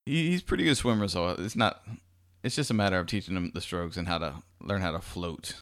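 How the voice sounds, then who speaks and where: A man's voice: deep voice, a little fast, a bit bright. An American man hosting his own podcast, chatting in an easygoing, rambling way with plenty of fillers and restarts. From United States. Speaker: podcast host. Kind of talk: casual solo podcast chat.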